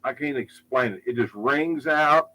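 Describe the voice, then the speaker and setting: A man's voice: medium pitch, measured pace, pushed and bright, a little hiss or hum, rough recording. Blunt rambling man, swears a lot. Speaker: guitar repair tech and product maker. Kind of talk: casual live product talk. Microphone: unsure where the mic is.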